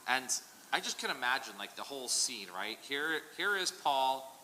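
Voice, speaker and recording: Male Bible study teacher, chatty and animated, bright tone, long room reverb. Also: mid-range voice, normal speed. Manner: animated, digressive, joking asides. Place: church hall. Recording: reverberant hall, faint noise.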